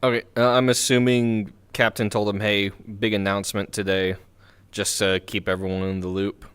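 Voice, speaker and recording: A man's voice: on the low side, level tone, moderate pace, fairly bright tone, clear, resonant tone. A man from the United States streaming a tabletop game as a player, chatting casually, teasing and swearing freely.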